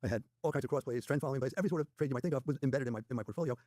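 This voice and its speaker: Man, interview guest, rapid anecdotes, quoted dialogue, husky voice, very fast. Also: mid-range voice, darkish tone, no echo, studio quality. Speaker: guest trader. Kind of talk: interview storytelling.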